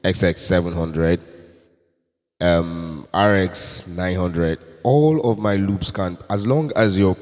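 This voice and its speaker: A man hosting a casual keyboard tutorial, explaining slowly and repeating points as he demonstrates loops. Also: low-pitched, darkish tone, long reverb tail. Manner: slow, explanatory, repeats himself. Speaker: music tutorial host selling keyboard loops.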